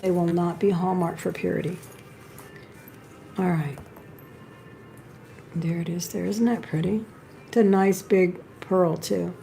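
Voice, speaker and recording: A woman's voice: fairly low pitch, vocal fry, dark tone, slight background noise. A woman hosting a live jewelry sale, chatting and admiring each piece as she shows it. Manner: chatty, admiring, talks while handling pieces. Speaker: live-stream jewelry seller.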